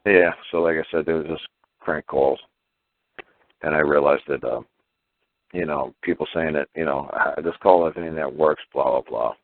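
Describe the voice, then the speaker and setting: A man's voice: a bass voice, normal speed. A man calling in to a talk show, chatting casually and acting out the voices of people he quotes. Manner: animated, acts out quoted voices. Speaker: caller. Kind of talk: casual phone conversation. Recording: dry tinny phone line.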